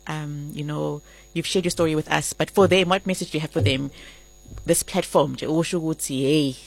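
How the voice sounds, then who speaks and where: An interview host, asking casual questions in quick bursts and giving encouraging murmurs. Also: mid-range voice, fairly even intonation, vocal fry, dry recording, rough recording. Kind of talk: casual interview questions mixing in Zulu words.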